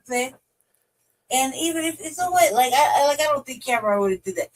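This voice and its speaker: A woman's voice: high voice, expressive, fairly quick, slight background noise, poor audio. Woman cohosting a podcast, blunt, cusses a lot, lots of uh and um. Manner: blunt, swearing, many restarts and fillers. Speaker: podcast co-host. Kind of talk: casual chat.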